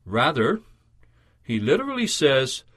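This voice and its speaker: A man giving a scripted radio devotional sermon, reading in a measured, earnest and emphatic way. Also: medium pitch, wildly swooping pitch, fairly bright tone, husky.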